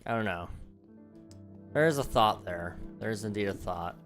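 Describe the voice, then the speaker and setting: A male gaming streamer chats casually while playing live, with background music behind him. His deep voice is animated and a bit bright but slightly hoarse, as he's losing it, and he thinks aloud with frequent ums and quick laughs.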